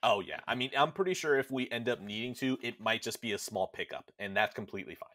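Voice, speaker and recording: Young man, podcast host, casual chat, animated, swearing, mid-pitched. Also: fast talker. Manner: animated, swears freely, acts out characters. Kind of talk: casual chat recapping a game.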